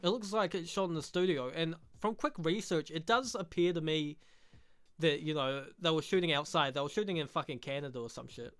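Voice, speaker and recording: A man's voice: fairly high pitch, fairly quick, a bit bright, clear, resonant tone. A man reviewing a show in a casual vlog, crude, profane and mocking.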